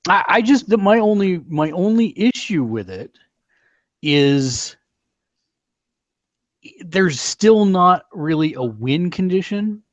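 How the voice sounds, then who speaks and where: A man's voice: sits high, very animated, slow, pauses often, dry recording. A man in casual talk over a card game, reading out viewer comments and weighing strategy. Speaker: card game player and co-host. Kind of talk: casual gameplay chat.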